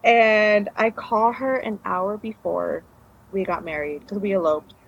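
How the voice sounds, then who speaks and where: A woman's voice: medium pitch, measured pace, vocal fry, slight background noise. Meandering woman telling her story, lo-fi. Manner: meandering, many trailing restarts. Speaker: interview guest. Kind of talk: casual personal storytelling. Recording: dull lo-fi recording.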